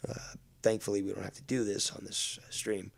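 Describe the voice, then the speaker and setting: A man's voice: on the low side, level tone, a little fast, gravelly. A man hosting a live stream, blunt and sarcastic and swearing often. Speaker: streamer and host.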